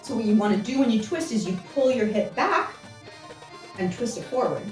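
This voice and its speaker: A woman's voice: fairly high pitch, animated, moderate pace. Chatty woman teaching belly dance, roomy. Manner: chatty, rambling, counts out steps. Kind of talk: instructional dance lesson. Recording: roomy sound from a distance, music behind.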